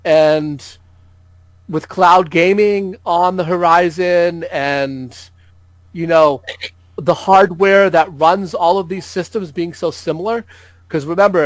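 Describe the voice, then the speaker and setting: A man's voice: fairly high pitch, measured pace, no echo, rough recording. A man guest on a gaming podcast, explaining things in a chatty, jokey way. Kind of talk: casual gaming podcast chat.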